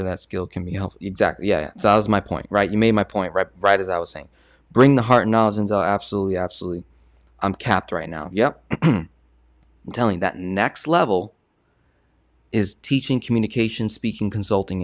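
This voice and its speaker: A man with a fairly low voice talks in a loose, conversational way and leans on repetition to drive a point home. The sound is dry and close, with no room around it. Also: dry recording. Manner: conversational, repeats words for emphasis. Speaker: host. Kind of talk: casual live-stream chat.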